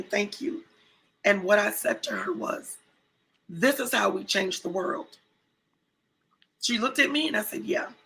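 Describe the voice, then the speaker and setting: A woman co-hosting a casual talk show, telling a story with lively quoted voices. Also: medium pitch, vocal fry, breathy edge, rough recording. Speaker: co-host.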